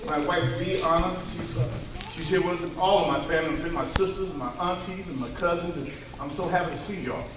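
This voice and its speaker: A son delivers a heartfelt eulogy at his father's church funeral, telling stories full of emotion and calling "Amen" out to the congregation. His voice is a little high and fairly quick. The room echoes, the mic sits far off, and the background is noisy.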